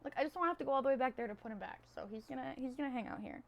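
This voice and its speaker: Young woman streaming, squeaky high voice, bubbly and rambly, gets loud then quiet. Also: racing, creaky, dull audio. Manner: bubbly, rambling, swings between loud and hushed. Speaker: live streamer. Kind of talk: casual chat.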